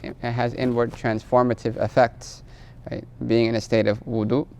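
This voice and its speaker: A man's voice: mid-range voice, level tone, moderate pace, a little mellow, a little hiss or hum. A man teaching a class on religious law, explaining patiently, quizzing his students and ending phrases with a questioning "right?". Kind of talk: classroom lecture.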